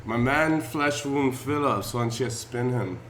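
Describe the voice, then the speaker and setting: A man's voice: medium pitch, measured pace. A man guesting on a podcast, joking and freestyling with crude, playful boasts. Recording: roomy room with background noise.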